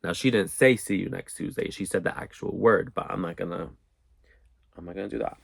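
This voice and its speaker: A young man telling a storytime in a casual, profane, animated way, acting out what people said. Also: low-pitched, a little fast, vocal fry, slightly rough, no echo. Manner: animated, profane, acts out quotes. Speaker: storyteller vlogger.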